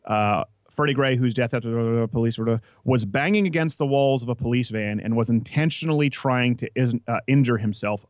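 A man hosting a casual political talk show, brash and mocking, talking fast. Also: mid-range voice, dry recording, clean studio sound. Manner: brash, quick, mocking, with put-on voices. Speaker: podcast host.

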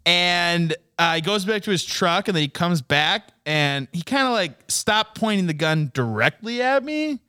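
Young man, bright edgy tone, dry close sound, animated profane storyteller, laughs often. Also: sits high, measured pace, hardly any pauses, smooth, no echo. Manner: animated, swearing, laughing often, acting out quotes. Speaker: guest telling a story. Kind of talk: casual storytelling chat.

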